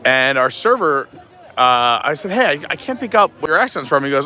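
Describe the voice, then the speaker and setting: A man's voice: on the high side, sing-song, a little fast, sharp tone. A man hosting a live stream outdoors at a theme park, chatty and joking with people he meets. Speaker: vlog host.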